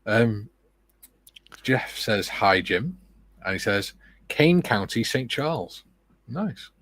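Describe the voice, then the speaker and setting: A man with a British accent hosting a relaxed livestream, reading viewer comments aloud and chatting casually with joking asides. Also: mid-range voice, takes it slowly, no room sound. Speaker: livestream host.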